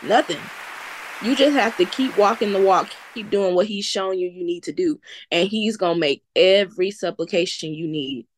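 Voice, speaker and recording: A woman's voice: medium pitch, normal speed, slight background noise. A woman from the American South, a business founder, telling her story in an earnest, faith-filled, encouraging way during an interview. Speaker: entrepreneur guest. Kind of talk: casual interview chat.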